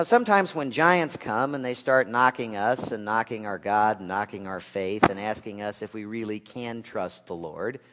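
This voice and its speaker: Man preaching in a reverberant hall. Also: on the low side. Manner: rhetorical questions, dry asides, swings between loud and hushed. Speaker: pastor. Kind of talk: sermon. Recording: long reverb of a large hall.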